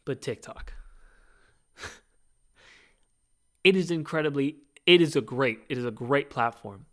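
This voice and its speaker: A man hosting his own podcast, talking in an animated, rambling casual monologue full of fillers. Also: mid-range voice, unhurried. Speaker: podcast host.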